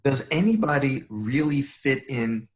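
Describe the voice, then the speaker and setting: A man's voice: medium pitch, animated, unhurried. An older man from the Bronx with a New York accent, a podcast guest who talks in a playful, joking way and laughs often. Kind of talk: casual interview chat.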